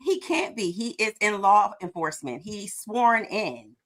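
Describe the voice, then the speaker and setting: A woman co-hosting a live stream, lively and argumentative in a casual chat. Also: mid-range voice, a little slow.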